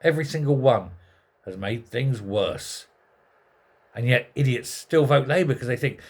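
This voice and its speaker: A man's voice: medium pitch, unhurried. Sarcastic man ranting about politics. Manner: sarcastic, exasperated, rhetorical questions. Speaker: political commentary host. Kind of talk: ranting monologue.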